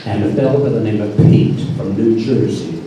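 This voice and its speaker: A man's voice: on the low side, moderate pace, dark tone, slight background noise. An older man telling a personal story on a live stage with dry, folksy humor. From North Carolina. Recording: echoey hall from far off.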